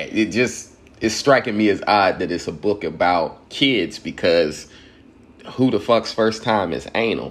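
A man from Georgia, giving a loose, profane commentary monologue and laughing at his own points. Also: sits low.

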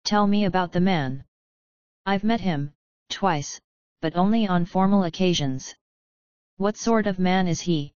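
A woman voicing a stern, self-controlled elder female hag who leads her group, speaking in a measured, firm way. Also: on the low side, darkish tone, no room sound, close to an everyday voice. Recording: slightly dull, dry studio sound.

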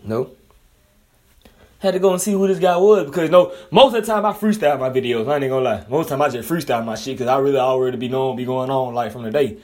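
A young man from Alabama with a Southern accent, freestyling casual, profane commentary, swinging between loud outbursts and low mutters and repeating himself. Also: fast talker. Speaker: vlogger commenting on news.

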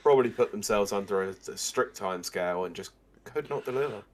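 A man's voice: lowish voice, quick pace. Sarcastic young man reading gaming news. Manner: sarcastic, reads news quotes and riffs on them. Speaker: podcast co-host. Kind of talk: casual gaming news chat.

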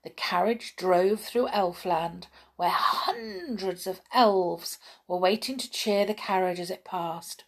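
A woman reading a children's storybook aloud in a gentle, expressive way. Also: fairly low pitch, slow, hardly any pauses. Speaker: storybook reader.

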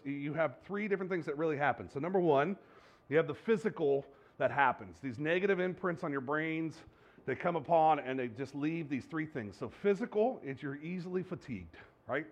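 Higher-voiced man preaching a sermon. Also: animated, fairly quick. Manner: conversational preaching with rhetorical questions to the congregation; stumbles and restarts, jokes at his own slips. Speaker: pastor.

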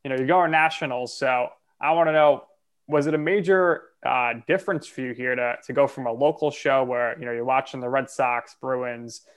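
A man co-hosting a podcast, asking long, halting questions. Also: mid-range voice, steady tone, clean tone. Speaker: podcast co-host. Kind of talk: podcast interview.

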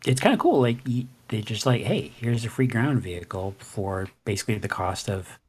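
A man co-hosting a casual gaming podcast, talking in a relaxed, reflective way. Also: fairly low pitch, moderate pace, husky. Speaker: podcast co-host.

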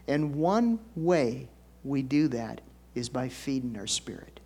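A middle-aged man preaching a conversational sermon as pastor, folksy and chatty, jumping up into excited bursts and dropping into soft asides. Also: on the high side.

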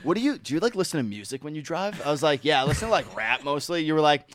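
Young male co-host, lively and bright, says "dude" a lot, dry close sound. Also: a little high, fast talker, no room sound. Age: young adult. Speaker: podcast co-host. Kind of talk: casual chat.

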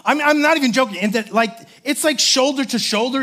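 A male pastor preaches with a high, light voice. He tells his stories in an animated way, acting out the other people's lines and filling his talk with "like" and "um". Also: a little fast. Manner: animated storyteller, acts out voices, many fillers. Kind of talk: sermon with storytelling.

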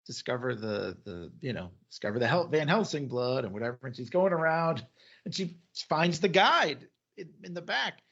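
Podcast guy retelling an episode, kinda high voice, muffled lo-fi sound. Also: moderate pace, husky. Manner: animated retelling, acts out quotes, laughs often. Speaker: podcast co-host. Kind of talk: casual chat recapping a TV episode.

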